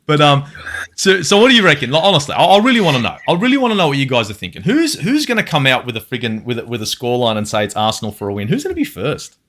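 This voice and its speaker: An Australian man hosting a podcast in casual chat, animated and swearing freely. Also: medium pitch, very fast. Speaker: podcast host.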